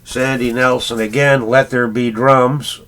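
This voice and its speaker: A man's voice: medium pitch, level tone, a little slow, fairly bright tone, a little hiss or hum. A middle-aged Canadian man, a record collector, chatting in a rambling casual vlog full of fillers and little chuckles.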